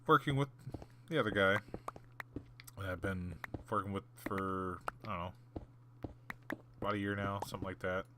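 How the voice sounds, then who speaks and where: A man with a lowish voice talks casually over gameplay as a gaming channel host, rambling through a story with plenty of fillers and restarts. He sometimes drops into muttered whispered asides. A clear background hiss runs under the recording. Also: steady tone, moderate pace, long pauses.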